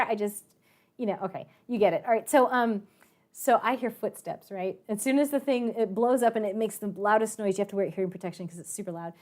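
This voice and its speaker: A woman's voice: on the high side, darkish tone. A woman math and science teacher telling a story to her students in a chatty way, with many fillers and acted-out quotes. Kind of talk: storytelling to students in an online class.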